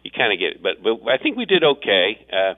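A man's voice: fairly low pitch, wildly swooping pitch, brisk. A man in a city office post, talking in a rambling, meandering way with restarts during a radio interview. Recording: phone-line audio.

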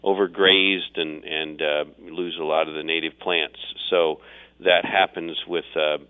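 A man's voice: a bass voice, level tone, unhurried, clean tone. A man in a city office post, talking in a rambling, meandering way with restarts during a radio interview. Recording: phone-line audio.

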